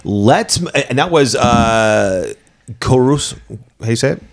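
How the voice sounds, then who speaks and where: A man's voice: mid-range voice, lively intonation, slow, vocal fry. A man hosting a casual podcast, joking and swearing as he chats with friends. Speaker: podcast host.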